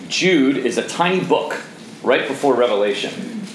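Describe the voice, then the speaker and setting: Animated preaching man, echoey room. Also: medium pitch, normal speed, slight background noise. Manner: animated preaching, voice rising for emphasis. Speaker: pastor. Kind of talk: sermon.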